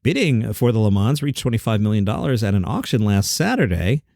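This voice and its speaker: A man's voice: lowish voice, sing-song, brisk, creaky, dark tone, no echo, studio quality. A man hosting a comedy news show, reading headlines with wry, rambling, self-deprecating asides. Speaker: podcast host.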